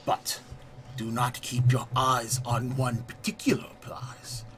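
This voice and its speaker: Slow-talking man in a mock French accent. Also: mid-range voice, little pitch movement, a bit bright, whispered, soft background music. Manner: playful, mock-grand narration in a put-on bad French accent. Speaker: gaming channel host. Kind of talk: let's play voice-over commentary.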